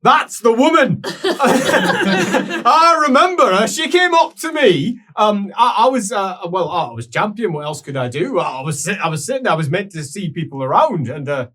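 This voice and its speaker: A man's voice: high voice, animated, a little fast, few pauses, a bit bright. A man telling his character's story in an improvised tabletop game, rambling with many fillers and restarts.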